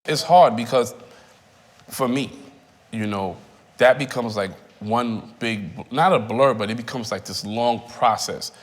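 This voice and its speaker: A man in his thirties giving personal testimony in a reflective, halting way, often repeating phrases. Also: medium pitch. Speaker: interviewee. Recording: reverberant room.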